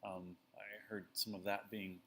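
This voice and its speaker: A man's voice: deep voice, little pitch movement, normal speed, pushed and bright, a little hiss or hum. A man co-hosting a casual talk show, rambling and self-deprecating with lots of fillers. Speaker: podcast co-host. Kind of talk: casual chat.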